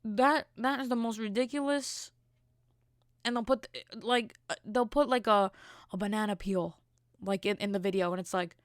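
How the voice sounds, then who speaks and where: A woman's voice: medium pitch, steady tone, normal speed, dry recording. A woman with a mid-range voice rambles through a comic rant as a podcast host, tripping over fillers and restarts. Her delivery is exasperated and chatty, recorded dry and close. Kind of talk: casual comedic chat.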